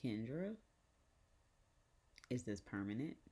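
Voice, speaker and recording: A woman putting on her blunt, stern elderly grandmother, speaking slowly and scolding. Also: a bass voice, very animated, mellow, slightly rough, exaggerated voice.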